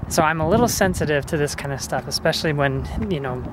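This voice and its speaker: Young man, lively vlog storyteller, fairly high voice, faint street noise. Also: fast talker. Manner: animated storytelling with laughs. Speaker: vlogger. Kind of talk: casual vlog chat. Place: outdoors on a busy street.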